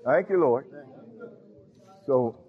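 A male pastor giving a sermon, halting with fillers, then building to emphatic points. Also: medium pitch, expressive. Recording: tinny phone-like audio.

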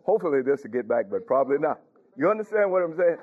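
A man's voice: on the high side, big pitch swings, quick pace. A man preaching a sermon in a conversational way, often asking the congregation if they follow him. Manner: conversational, questioning the congregation, chuckling. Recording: tinny phone-like recording.

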